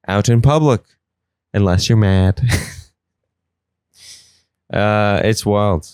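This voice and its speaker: A young man hosting a podcast, telling comic stories in an animated way. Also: fairly low pitch, clean tone, no echo, clean studio sound. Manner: animated, swings into silly voices. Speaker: podcast host. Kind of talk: comedic storytelling.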